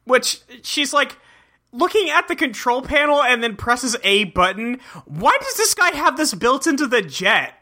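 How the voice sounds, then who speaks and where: A woman chats casually on a podcast, retelling an episode in an animated, jokey way. Her pitch swings widely, and her voice is bright and clear. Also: unhurried. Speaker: podcast co-host recapping an episode. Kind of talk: casual chat.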